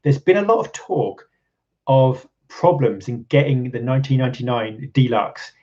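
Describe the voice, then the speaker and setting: A man's voice: mid-range voice, expressive, moderate pace, darkish tone, highs cut off. A man from England hosting a casual live stream, rambling with lots of ums and restarts and chuckling often. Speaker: channel host. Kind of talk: casual live-stream chat reading viewer comments.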